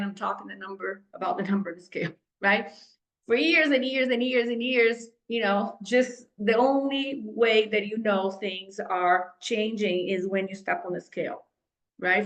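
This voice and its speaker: Animated female fitness coach, roomy sound. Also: mid-range voice. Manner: animated, talks to the group with frequent "right?" check-ins. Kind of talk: group coaching call.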